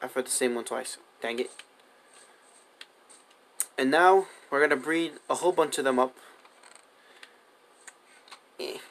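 A man's voice: mid-range voice, measured pace, long pauses, fairly bright tone, a little hiss or hum. A young man talking through his survival game in a loose, rambling way. He keeps coaxing animals along with the same commands over and over, in an ordinary mid-range voice. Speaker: gaming video host. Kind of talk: casual gameplay commentary.

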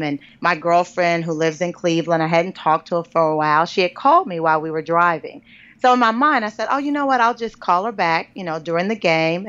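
A woman author, a podcast guest, telling a personal story in an animated, conversational way and calling listeners "girl". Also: on the low side, clear, resonant tone. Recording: dull lo-fi podcast audio.

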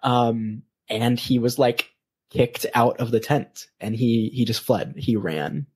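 A man's voice: mid-range voice, slow, a little mellow, husky. A man hosting a podcast, telling a story casually with many hesitations. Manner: hesitant, many ums and restarts. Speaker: podcast host.

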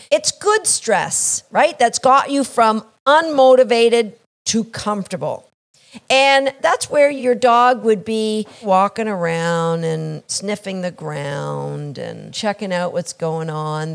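A woman from Canada, a dog trainer explaining a training idea, acting out little scenes and checking in with "right?". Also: medium pitch.

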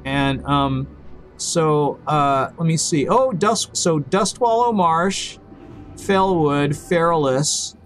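A man live-streaming a game and talking with his viewers in a loose, rambling way, often stumbling and repeating words. His voice sits a little high for a man. Faint music plays behind him. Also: lively intonation, takes it slowly. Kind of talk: casual live-stream chat while gaming.

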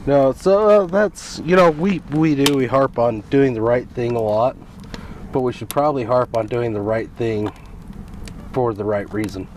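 A man co-hosting a casual religious podcast, talking haltingly and slipping in dry joking asides, recorded outdoors. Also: mid-range voice, fairly even intonation, a little mellow, distant mic, slight background noise. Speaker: podcast co-host.

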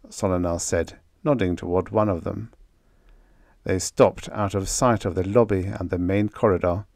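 Man, audiobook narrator, measured expressive storytelling, lowish voice, dry close sound. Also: dry recording. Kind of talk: scripted narration of a vintage sci-fi story.

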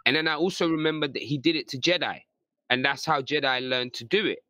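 A man's voice: on the high side, quick pace, pushed and bright, no echo, clean studio sound. A man, a guest on a stream panel, talking earnestly and hesitantly in casual chat.

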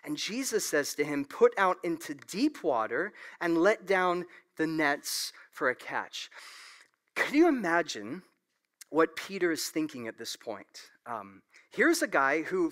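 Lively, bright-voiced man preaching. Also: a little high, normal speed. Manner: animated storytelling with laughs and asides. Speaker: pastor. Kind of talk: sermon. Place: church sanctuary.

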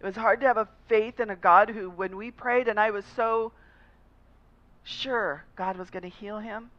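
A woman pastor preaches by telling personal stories in a relaxed, conversational way. Her voice sits at a middle pitch. The recording is slightly dull and lo-fi. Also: moderate pace. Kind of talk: sermon.

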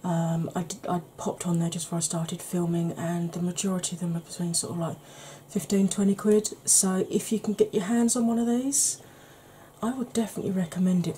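A woman talking softly in a casual ASMR makeup video, drifting into whispers. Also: on the low side, flat delivery, fairly quick, slight background noise. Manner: chatty, softly spoken with whispered stretches. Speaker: beauty YouTuber. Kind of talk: soft-spoken ASMR makeup chat.

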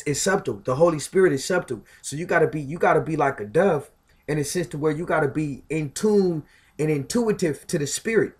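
A man's voice: a little high, husky. A man delivering a profane, emphatic spiritual monologue in casual talk, often repeating filler phrases and stammering on words. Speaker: self-styled spiritual commentator.

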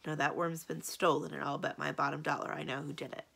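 A woman reading aloud and voicing a blunt, loyal male ogre servant in a low, gruff voice. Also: quick pace, heavily acted. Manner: low, flat, common-spoken.

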